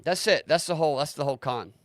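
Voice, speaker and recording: A man's voice: fairly high pitch, fast. A man hosting a livestream, talking casually in a sarcastic, ranting way and swearing freely. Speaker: livestream host.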